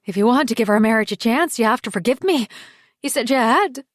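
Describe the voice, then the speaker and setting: A woman's voice: a little high, animated, brisk, no room sound, studio quality, pitched above the performer's own voice. Woman voicing a dismissive, exasperated husband. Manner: exasperated, brushing off accusations. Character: defensive, dismissive adult husband.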